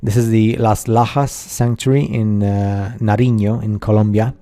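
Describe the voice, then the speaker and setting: Dark-voiced man, halting skeptical narration. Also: lowish voice, steady tone. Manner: halting, many fillers and restarts, skeptical asides. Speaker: narrator of a slideshow video. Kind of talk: casual voice-over commentary.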